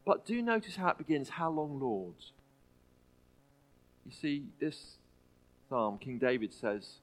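A man preaching a sermon in a church, earnest and halting, often restarting his phrases. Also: medium pitch, very animated, low-quality recording. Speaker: pastor.

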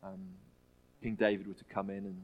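A man preaching a sermon in a church, earnest and halting, often restarting his phrases. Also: fairly low pitch, sing-song, creaky, highs cut off. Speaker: pastor.

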